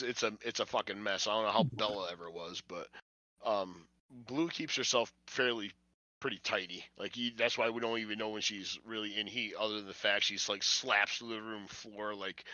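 A man's voice: on the low side, bright, forceful tone, no echo. A man hosting a casual podcast from home, rambling, swearing and laughing as he talks. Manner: rambling, profane, laughs often. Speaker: podcast host. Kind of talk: casual chat. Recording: dull lo-fi audio.

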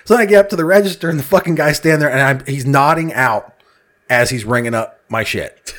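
A man's voice: mid-range voice, a little fast, fairly bright tone. A man telling a casual, comedic story, swearing freely and laughing at his own exasperation as he acts out other people's lines.

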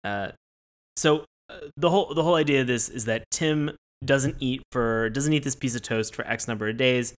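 A man's voice: mid-range voice, normal speed. A man co-hosting a casual podcast chat, rambling with many restarts and frequent laughter. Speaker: podcast co-host.

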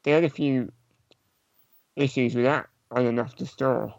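A man's voice: medium pitch, steady tone, normal speed, vocal fry, a crowd in the background. A man co-hosting a casual games podcast, speaking in a matter-of-fact, informative way. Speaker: podcast co-host.

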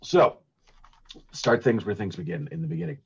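A low-voiced man with a husky edge chats through a movie recap, rambling and giggling, full of ums and restarts. The sound is dull and lo-fi, like a cheap podcast mic. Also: expressive, normal speed. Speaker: podcast co-host recapping a film. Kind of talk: casual movie recap chat.

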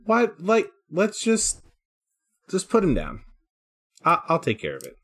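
A man playing a tabletop game, playful and quick with jokes. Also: sits high, wildly swooping pitch, fairly bright tone, breathy edge. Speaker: player. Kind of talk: casual tabletop play.

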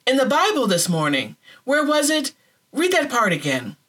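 A woman's voice: high-pitched, wildly swooping pitch, moderate pace, voice pushed up, exaggerated voice. A woman reading as a serene, devout sister. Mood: excited. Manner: gentle, matter-of-fact, quietly insistent. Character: devout serene older sister, calm and cheerful.

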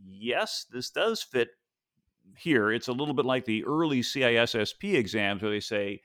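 A man with a medium-pitched, expressive, slightly bright voice hosts a podcast over a video call from his home office, speaking at a moderate pace. It is a casual conversational discussion where he talks thoughtfully, rambling a little with fillers and restarts, in dry, studio-quality sound.

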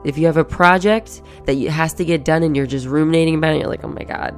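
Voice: medium pitch, fast talker, soft background music. A podcast host giving a casual, profane motivational monologue and acting out everyday inner thoughts.

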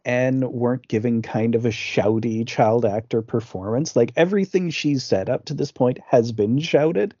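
A man co-hosting a casual film podcast, rambling through the plot with fillers and restarts. His voice is mellow and dark. It is recorded dry and a little dull, like a lo-fi home setup. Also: mid-range voice, moderate pace, few pauses, no room sound. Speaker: podcast co-host.

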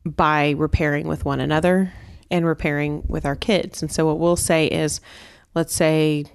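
A woman's voice: deep voice, level tone, normal speed, vocal fry, clear, resonant tone, no room sound, clean studio sound. A woman co-hosting a parenting podcast, chatting earnestly and explaining with examples from her family life. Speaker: podcast co-host. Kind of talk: casual podcast chat.

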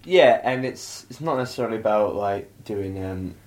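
A man's voice: fairly low pitch, lively intonation, normal speed, a little mellow. A young man hosts a podcast in loose, rambling chat, full of fillers and self-mocking asides. He sounds slightly hungover. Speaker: podcast host. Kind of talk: casual chat.

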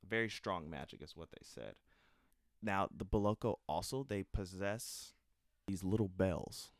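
Deep-voiced man, casual storytelling host, swears and laughs, dry close sound. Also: unhurried, dry recording. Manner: loose, profane, laughs often.

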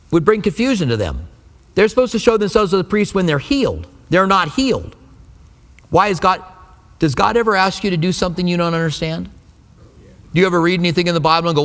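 A man preaching a sermon in a conversational way, slipping into quick acted quotes. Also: high voice, expressive, a bit bright. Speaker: pastor. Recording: long reverb of a large hall.

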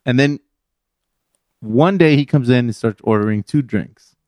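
A man's voice: medium pitch, unhurried, darkish tone, no echo, studio quality. A man co-hosting a casual podcast, teasing and laughing easily. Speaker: podcast co-host. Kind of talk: casual chat.

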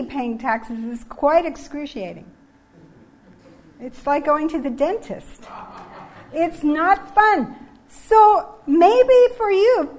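A woman giving a sermon on generosity, earnest and emphatic, reading scripture passages from slides. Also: high voice. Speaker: preacher.

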